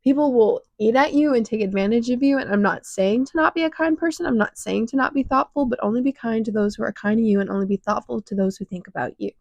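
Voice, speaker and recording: A woman's voice: on the high side, fast, creaky, hardly any pauses, no echo, rough recording. Choked-up teenage girl venting raw. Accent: Chicago. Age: teens. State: short of breath, choked up. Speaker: podcast host. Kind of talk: emotional personal monologue. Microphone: clip-on mic attached to shirt.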